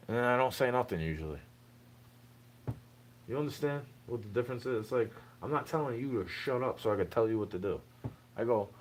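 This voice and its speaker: A man's voice: medium pitch, a little fast, a little hiss or hum, low-quality recording. A young man talking straight to the listener in a rambling, aggrieved monologue, tossing in "bro" again and again. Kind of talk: unscripted monologue rant.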